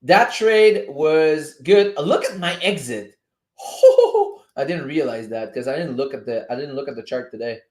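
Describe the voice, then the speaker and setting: A man with a Québécois French accent hosts a casual livestream, talking freely and drifting off on tangents. His voice sits slightly high. The sound is roomy and echoey. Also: moderate pace, hardly any pauses. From Montreal, Canada. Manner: chatty, easily sidetracked, swears casually. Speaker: livestream host.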